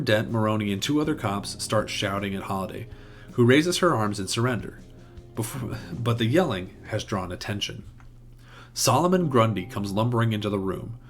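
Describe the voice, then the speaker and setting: A man narrating a plot outline in a steady recap tone, with the odd small restart. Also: on the low side. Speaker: video essay host.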